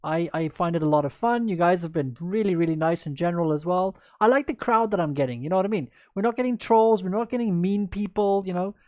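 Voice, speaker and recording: A woman's voice: lowish voice, fast, few pauses, darkish tone, dry recording, lo-fi sound. A woman chess coach in a livestreamed lesson, chatty and upbeat, answering viewers by name as she goes through moves.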